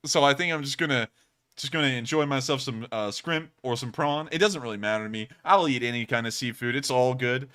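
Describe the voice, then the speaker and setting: A man's voice: medium pitch, quick pace, pushed and bright. A young man hosting a casual livestream, thanking donors with laughter and rambling asides. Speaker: livestream host.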